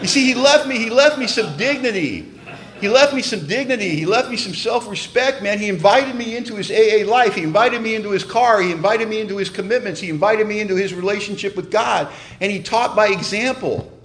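A man sharing his story at a recovery meeting, animated and joking in a wry way. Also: high-pitched, fairly quick, few pauses, slight background noise.

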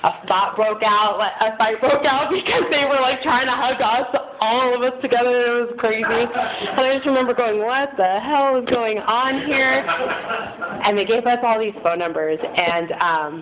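Speaking at a recovery meeting with a crowd audible behind her, a woman in her thirties talks at a moderate pace with few pauses, her pitch on the high side. She rambles frankly through her testimony, laughing at herself often. The audio is tinny and phone-like, with faint noise.

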